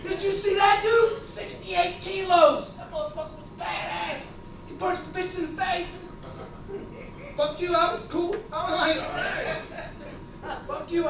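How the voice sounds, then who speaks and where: A woman in her forties hosting a comedy show, loud and profane, yelling jokes at the crowd. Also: very high-pitched, noisy background. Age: 40s. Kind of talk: stand-up hosting. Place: comedy club stage. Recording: echoey club, far from the mic, loud crowd.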